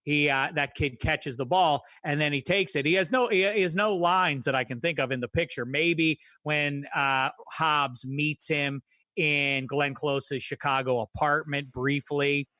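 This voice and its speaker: A man's voice: on the high side, a little slow, sharp tone, no room sound. A man co-hosting a podcast, chatting casually with wry, digressive remarks. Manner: wry, digressive film talk. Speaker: podcast co-host. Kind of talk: casual chat.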